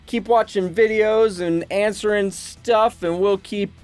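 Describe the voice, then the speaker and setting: Relaxed male co-host, slightly high voice, light music behind. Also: measured pace, clear, resonant tone, dry recording. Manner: relaxed, reads out fan questions. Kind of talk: casual chat.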